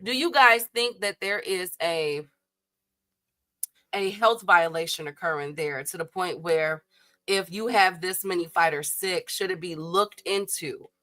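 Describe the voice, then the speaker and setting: A woman from Chicago hosts a casual boxing livestream, talking with the chat. Her voice is bright and sharp, recorded dry and close. She is chatty, laughs often and leans on fillers. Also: on the low side, a little slow, no room sound.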